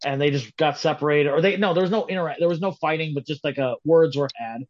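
A man with a fairly high voice talks fast while co-hosting a casual wrestling podcast. He rambles, keeps restarting his sentences, and sounds skeptical. The audio is dull and lo-fi.

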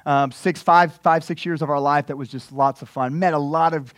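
Brief: male pastor, high voice, dry close sound, lively sermon delivery. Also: normal speed, no room sound. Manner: animated, repeats words, acts out scripture scenes.

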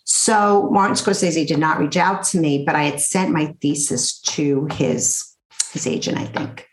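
A middle-aged woman with a slightly low voice tells her story to an interviewer in an animated, blunt way. Her room adds a noticeable echo. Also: a little slow. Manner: animated, blunt storyteller who acts out quotes. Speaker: interview guest, therapist.

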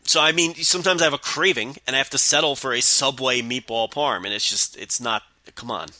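A man with a very bright, forceful voice, speaking in casual podcast chat. He stammers and repeats words often. The sound is dry and close, with no room echo. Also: mid-range voice, brisk. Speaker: podcast co-host.

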